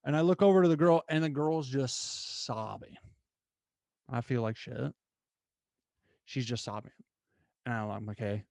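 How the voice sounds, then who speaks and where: A young man hosting his own show, telling a story in an animated, casual way with lots of fillers. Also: medium pitch, measured pace, creaky, pauses often, no room sound, studio quality. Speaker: podcast host.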